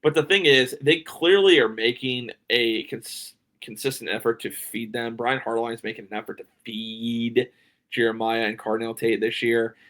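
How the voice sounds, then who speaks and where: A man's voice: medium pitch, steady tone, moderate pace, fairly bright tone. A man hosting a solo sports podcast, talking casually and with strong opinions, filling gaps with ums and restarts, a little sleepy. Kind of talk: solo sports preview talk.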